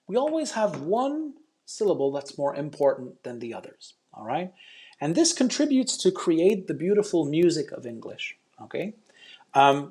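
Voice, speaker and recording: A man's voice: a little high, a little mellow. A man teaching an online English pronunciation lesson, chatty and encouraging, explaining step by step with frequent ums.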